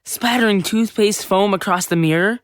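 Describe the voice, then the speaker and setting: A woman playing a seventh-grade boy who narrates his own story in a full-cast audiobook, lively and chatty with sudden yells. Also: mid-range voice, moderate pace, dry recording, close to an everyday voice. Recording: dry close studio sound.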